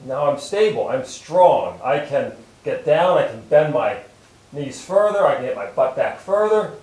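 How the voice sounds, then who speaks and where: A chiropractor calmly talking through posture stretches step by step while he demonstrates them. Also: fairly high pitch, a little slow, roomy sound, poor audio. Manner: calm, steady step-by-step instruction while moving. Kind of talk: instructional exercise demonstration.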